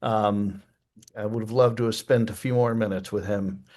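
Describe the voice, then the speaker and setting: A man's voice: on the low side, steady tone, moderate pace, darkish tone. Thoughtful man guest, lots of ums. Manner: thoughtful, many fillers. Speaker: author and guest. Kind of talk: casual interview chat.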